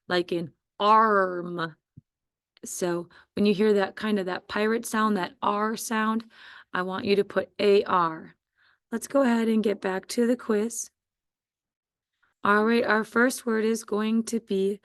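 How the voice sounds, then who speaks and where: A woman teacher giving a slow, patient spelling dictation to first graders. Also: medium pitch, smooth, no echo, clean studio sound. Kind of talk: spelling quiz dictation for young students.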